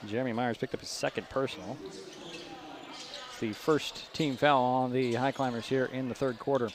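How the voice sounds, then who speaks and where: Man calling high school basketball. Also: fairly even intonation. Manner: brisk, chatty, rises at big plays. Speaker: play-by-play announcer. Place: school gym. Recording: gym noise behind broadcast mic.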